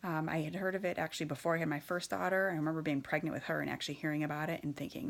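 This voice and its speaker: A woman's voice: sits low, fairly even intonation, fast talker, creaky, few pauses. A woman in her thirties telling her own story in a candid, hesitant way, with many fillers and restarts. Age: 30s. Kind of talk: personal storytelling.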